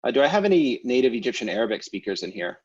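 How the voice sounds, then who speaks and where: A man teaching a language class over a video call, explaining grammar in a relaxed way with many fillers and restarts. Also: mid-range voice, racing, slightly rough, muffled recording. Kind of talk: online class lecture.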